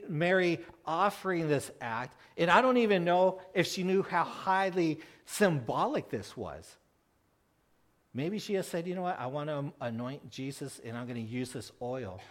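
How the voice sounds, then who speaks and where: A man preaching a conversational sermon, animated, asking his listeners questions and acting out the people in the story. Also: a little high. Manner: animated, asks the congregation questions; acts out quoted voices, with frequent restarts.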